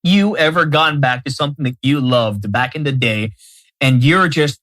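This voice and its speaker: This is a man in casual podcast chat, excitable and quick to jump in with "like" and "I mean." His voice sits mid-range, and the recording is dry and close. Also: medium pitch, no echo. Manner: animated, chatty, many fillers and restarts. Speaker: podcast co-host.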